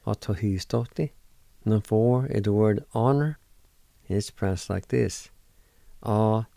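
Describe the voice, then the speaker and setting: A middle-aged man hosting a language lesson, spelling words letter by letter and repeating each one slowly. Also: on the low side, creaky, dark tone, dry recording. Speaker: radio host teaching words. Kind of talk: slow word-by-word language lesson.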